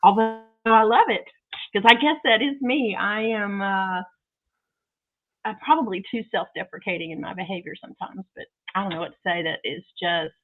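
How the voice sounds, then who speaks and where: A woman talks casually as a podcast guest, giggling and joking at her own expense. Her voice comes through narrow and tinny, like a phone line, at a middling pitch. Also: moderate pace. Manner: bubbly, laughs often, self-deprecating. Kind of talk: casual interview chat. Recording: thin phone-like sound.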